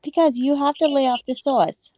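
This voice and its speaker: A woman's voice: sits high, moderate pace, mellow. Woman, livestream guest, blunt, teasing, casual banter. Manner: blunt, teasing and playfully insulting.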